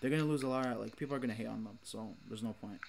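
Man, casual podcast co-host, mid-pitched, opinionated, laughs a lot, swears freely. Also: racing, gravelly, noisy background. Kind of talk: casual chat.

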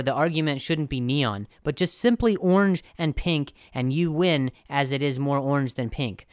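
A man's voice: fairly high pitch, clear, resonant tone, no room sound, studio quality. A young man hosting a comedy podcast, rambling and sarcastic with lots of restarts. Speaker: podcast host. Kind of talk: comedic monologue.

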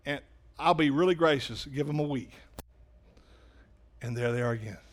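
A man preaching a sermon in a church, animated, swinging from loud emphasis to quiet asides. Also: moderate pace. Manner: animated preaching, rises loud for emphasis then drops low. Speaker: pastor. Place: church sanctuary.

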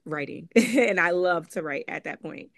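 This guest author, a Connecticut native with a matching accent, has a lowish, fairly bright voice with lively intonation at a moderate pace, captured in a dry studio recording. Interviewed about her life, she speaks candidly and casually, often saying "um" and "like" and performing the voices of people she quotes.

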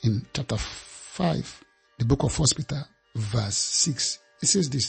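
A man's voice: medium pitch, expressive, slow, creaky, breathy edge, soft background music. A man preaching a sermon, emphatic and repeating phrases for effect.

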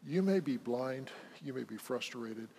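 A pastor telling a story in a sermon, swinging from quiet to loud emphasis. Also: male voice, medium pitch, animated, a little slow, creaky, breathy edge. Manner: storytelling, builds to loud emphasis then drops soft.

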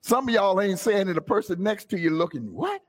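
A man preaching a sermon as pastor to his congregation, calling out to them and climbing from talk into shouted, half-sung lines. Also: high-pitched, expressive, brisk. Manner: call-and-response, rising to shouts and sung phrases. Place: church sanctuary.

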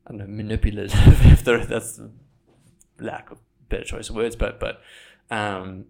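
A young man in casual podcast chat, a filmmaker and content creator who swears freely and acts out quotes in high, mocking voices. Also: little pitch movement, normal speed, creaky, mellow.

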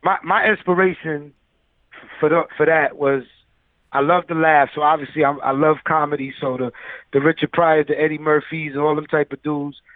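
A man's voice: fairly high pitch, fairly even intonation, normal speed, dry recording. A man who is a music producer, telling stories loosely in a casual interview, full of fillers. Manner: loose, filler-heavy storyteller. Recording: tinny phone-like line.

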